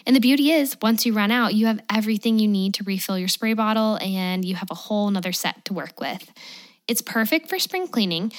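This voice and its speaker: A woman hosting a podcast, reading an ad and then welcoming her guest in an upbeat, chatty way. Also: mid-range voice. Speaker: podcast host. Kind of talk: podcast interview and read ad.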